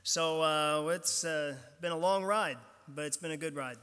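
Guy preaching in a church, kinda high bright voice, long echo off the hall, chatty pulpit style. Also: measured pace, clean tone. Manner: conversational, informal preaching. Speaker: pastor. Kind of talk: sermon. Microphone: pulpit mic.

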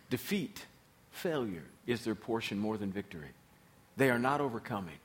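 A man's voice: lowish voice, animated, moderate pace, a little hiss or hum. A man preaching a sermon as pastor, emphatic and repeating his key phrases.

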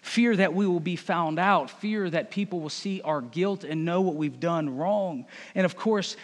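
Male pastor, relaxed sermon with wry jokes, high voice, reverberant hall. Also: unhurried. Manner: conversational, joking asides.

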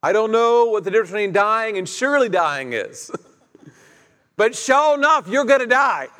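His voice sits high and sounds expressive, pushed, and bright, at a normal speed. He preaches in a conversational way, retelling the story and quizzing the congregation, within an echoey hall with long reverb.

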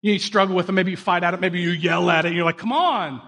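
A man preaching a sermon in a relaxed, conversational way, telling self-deprecating stories and asking the listeners direct questions. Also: high voice, racing.

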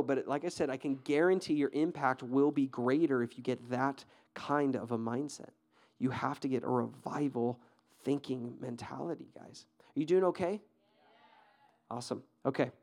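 A man preaching a sermon as pastor, energetic and conversational, often asking the crowd questions and restarting his sentences. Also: on the high side. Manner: fillers and repeated restarts.

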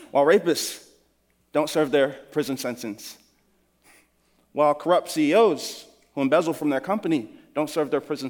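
Male pastor, high voice, earnest conversational sermon, big reverberant hall.

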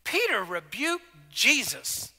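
A male pastor with a high, very bright voice delivers a conversational sermon slowly, his pitch swooping wildly. He acts out scripture dialogue and sometimes drops into soft, intimate tones, all ringing with the long reverb of a large hall.

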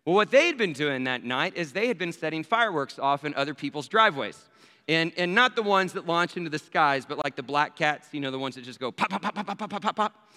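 A man's voice: on the high side, brisk. Man storytelling in a reverberant hall. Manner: animated storyteller acting out voices. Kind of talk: sermon storytelling.

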